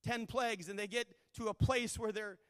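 A man's voice: high-pitched, fairly even intonation, normal speed, no echo, in a large hall. A male pastor preaching a sermon with fervent, repeated refrains.

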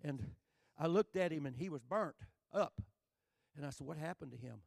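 An older man from Texas with a Texan accent, telling a folksy, joking sermon story that builds to shouting. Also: a little high, animated, moderate pace, creaky, no echo, studio quality. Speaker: preacher.

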